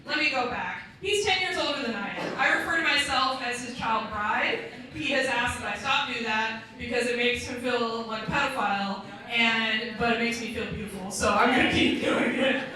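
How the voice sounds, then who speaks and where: A woman's voice: fairly high pitch, moderate pace, a crowd in the background. A woman in her thirties performing a stand-up comedy set on a club stage, delivering brash, crude, self-mocking punchlines. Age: 30s. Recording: echoey club room, mic from far off. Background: audience laughter.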